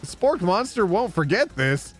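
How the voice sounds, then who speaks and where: A young man streaming a dating sim, reading the game's text aloud with playful commentary, animated and quick to yelp. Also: high voice, faint music behind. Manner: animated, jumping from flat reading to excited yelps.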